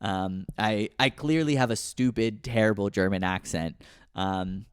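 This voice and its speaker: A man's voice: lowish voice, unhurried, smooth, no echo, studio quality. A man in his thirties hosting a comedy podcast, rambling and self-deprecating, full of fillers and restarts. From United States. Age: 30s. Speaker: podcast host.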